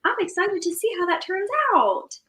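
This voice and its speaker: A woman's voice: very high-pitched, sing-song, moderate pace, a bit bright. A woman co-hosting a casual online chat, mostly giving short supportive replies. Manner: supportive, brief affirmations. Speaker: co-host.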